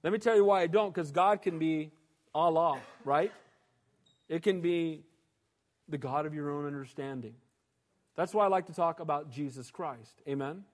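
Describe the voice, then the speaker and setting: A male pastor delivering an emphatic, animated sermon and often calling for amens. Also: fairly high pitch, normal speed, pauses often. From United States. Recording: reverberant hall.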